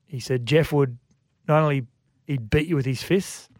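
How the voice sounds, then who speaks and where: An Australian man co-hosting a sports radio show, telling stories in a lively way and acting out quotes. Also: mid-range voice, moderate pace, dry recording, clean studio sound. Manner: lively storyteller, acts out quotes. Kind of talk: casual sports radio chat. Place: radio studio. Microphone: studio microphone.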